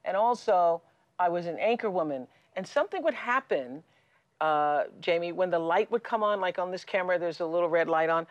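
A middle-aged woman hosting a studio talk show, telling stories in a lively way with frequent restarts. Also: on the low side, a little fast, no room sound, lo-fi sound. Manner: lively and storytelling, with many restarts and laughs. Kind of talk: studio conversation with a guest. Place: television studio.

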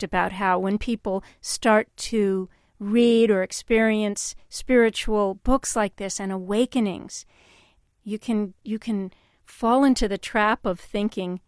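Calm woman radio host, dry studio sound. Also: mid-range voice, clean tone, dry recording. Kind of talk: call-in radio talk.

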